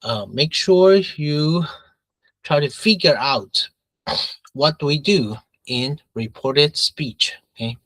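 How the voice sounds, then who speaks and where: A man teaching an English grammar lesson, going back and forth between English and Mandarin, repeating phrases and filling pauses with uh and okay. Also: on the high side, fairly bright tone, no room sound, rough recording.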